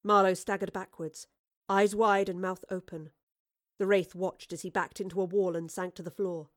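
A woman narrating a story aloud in an even, clear manner. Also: lowish voice, moderate pace, no room sound, studio quality. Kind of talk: storybook reading.

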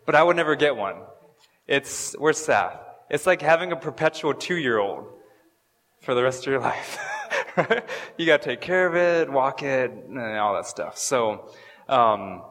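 A man's voice: mid-range voice, expressive, unhurried, a bit bright. A man giving a casual, conversational sermon, joking and stumbling over fillers and restarts as he explains scripture. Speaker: pastor. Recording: long hall reverb.

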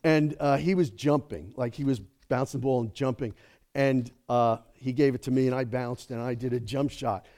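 A man's voice: mid-range voice, steady tone, moderate pace, mellow. A middle-aged man preaching a sermon as a guest speaker, talking casually and then building to emphatic peaks, checking in with "okay?" and "right?".

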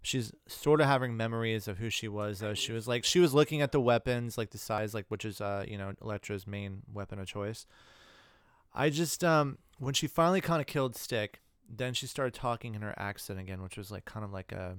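Man co-host, lowish voice, smooth and dry, rambling casual chat. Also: brisk, no echo. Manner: loose and rambling, with many fillers. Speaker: podcast co-host.

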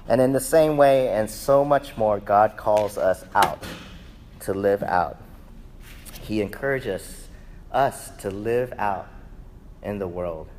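A man in his thirties preaching a sermon, telling lively family stories and then settling into a calmer teaching tone. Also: lowish voice, a little hiss or hum. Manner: animated storyteller who acts out family members' voices. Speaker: pastor.

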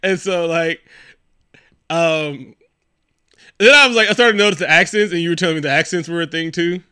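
A man's voice: on the high side, fairly quick, sharp tone, clear, resonant tone, no room sound, studio quality. A man co-hosting a casual movie review chat, rambling and laughing, swearing and acting out the characters. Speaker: podcast co-host.

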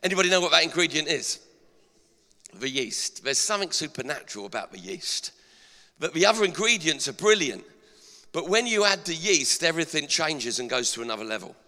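A middle-aged male pastor delivering an energetic sermon in a church, asking the congregation rhetorical questions. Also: on the high side, brisk. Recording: long hall reverb.

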